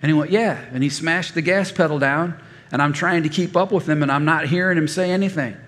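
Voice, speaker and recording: A man in his fifties preaching a sermon as a folksy storyteller, animated and given to stammered restarts. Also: a little high, fairly quick. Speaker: pastor. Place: church sanctuary. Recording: reverberant church hall.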